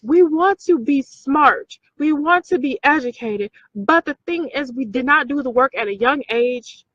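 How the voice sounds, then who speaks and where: A woman's voice: high-pitched, expressive, measured pace, a bit bright, dry recording, highs cut off. A woman hosting a casual talk video for her viewers, emphatic, repeating points and checking in with "okay?". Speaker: video host.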